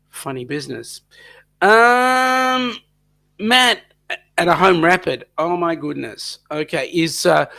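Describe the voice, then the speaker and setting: Casting: male stream host, gravelly and bright, chatty with frequent ums. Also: on the high side. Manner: chatty, repeats himself, many ums. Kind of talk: casual chat reading viewer comments.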